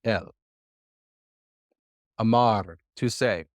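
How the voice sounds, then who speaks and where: A man's voice: on the low side, extremely slow, dry recording, clean studio sound. A man teaching a live Hebrew lesson to a church class, patient and full of "uh" fillers as he quizzes his students.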